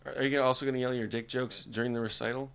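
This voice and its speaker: A man co-hosting a podcast, trading crude deadpan gross-out jokes in casual banter. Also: medium pitch, racing, gravelly. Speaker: podcast co-host.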